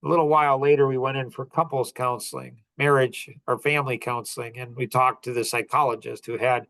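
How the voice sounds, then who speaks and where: A man's voice: mid-range voice, fairly even intonation, brisk, creaky, fairly bright tone, no echo. A middle-aged man hosting a podcast, telling a personal story in an earnest, heartfelt way, often restarting his sentences. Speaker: podcast host.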